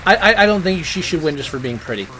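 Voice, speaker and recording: A man's voice: a little high, big pitch swings, fast talker, bright, forceful tone, slight background noise. A man chatting casually as co-host, stammering on restarts and speaking emphatically, with some swearing. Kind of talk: casual chat.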